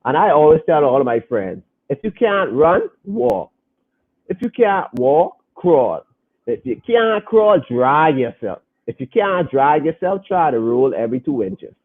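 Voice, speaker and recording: Reading out viewer comments on his casual podcast stream, this young adult man speaks a little slowly with a somewhat high, very animated voice. He's earnest, leans on repeated phrases to stress his points, and the sound quality is phone-like and lo-fi.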